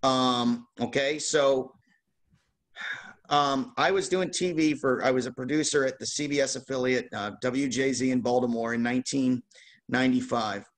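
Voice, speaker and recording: A man hosting a card-opening show, telling a lively casual anecdote with laughs. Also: medium pitch, normal speed. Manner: animated, laughing anecdote teller. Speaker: host opening baseball card packs. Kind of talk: casual storytelling.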